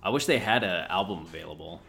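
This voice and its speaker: Laid-back, low-voiced podcast host. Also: male voice, animated, fast, vocal fry, pushed and bright. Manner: casual, profane, laid-back. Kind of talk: casual chat.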